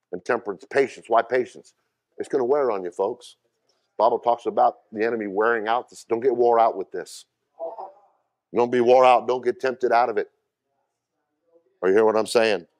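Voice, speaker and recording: A man, preaching a sermon as a pastor. He swings from loud high bursts to quieter asides, repeats words and calls out questions to the congregation.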